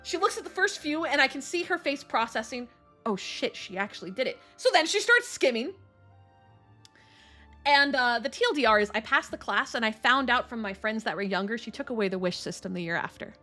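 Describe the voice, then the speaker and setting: A young woman streamer telling a story in a casual chat, animated, laughing often and swearing casually. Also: on the high side, fairly quick, soft background music.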